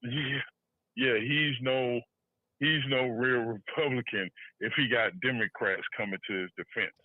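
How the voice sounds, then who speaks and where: A man co-hosting a podcast, chatting casually about politics with loose, halting restarts and laughs. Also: medium pitch, steady tone, dry recording. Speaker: podcast co-host. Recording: tinny phone-line audio.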